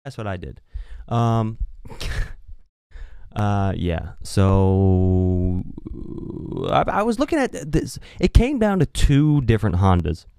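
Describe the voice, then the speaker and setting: A young man tells a casual podcast story with a lively, swinging voice that leaps up for emphasis. He swears freely and rambles along. The sound is dry and close on the mic. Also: slow, pauses often, clear, resonant tone, dry recording. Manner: animated, swearing, swinging pitch. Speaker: podcast host. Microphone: podcast microphone.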